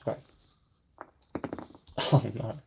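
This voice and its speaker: Speaking very slowly over a noisy background, a man narrates his brick build casually. He's a vlogger who mutters to himself, pokes fun at himself, and sinks almost to a whisper when he's focused.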